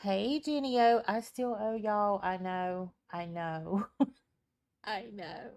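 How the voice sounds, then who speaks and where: Slow-talking tired woman live-streamer. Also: mid-range voice, darkish tone. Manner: chatty, greets viewers by name, frequent ums and laughs. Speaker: live-stream tarot reader. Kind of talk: casual live-stream chat. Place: at home at her computer with a small fan running. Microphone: computer mic.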